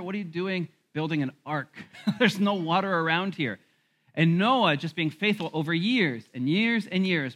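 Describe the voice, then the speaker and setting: A male pastor giving a lively sermon, with laughs and quick asides. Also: sits high. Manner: animated preaching with laughs and asides.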